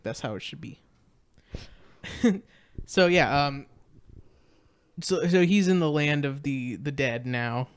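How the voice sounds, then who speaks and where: A man's voice: a little high, slow, long pauses, clear, resonant tone. A man co-hosting a podcast, recapping a movie in casual chat, rambling with lots of fillers and restarts. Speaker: podcast co-host.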